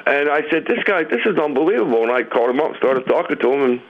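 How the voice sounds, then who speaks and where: A male caller on the phone, telling a story in an animated way and acting out quotes. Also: a little high, fast talker. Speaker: caller, musician. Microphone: phone line. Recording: muffled phone line.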